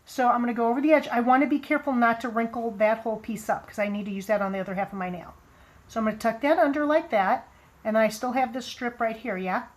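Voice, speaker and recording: A woman casually demonstrating how to apply nail strips, chatting and rambling with friendly asides, a frog in her throat that makes her clear it now and then. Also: a little high, quick pace. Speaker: nail product seller demonstrating application.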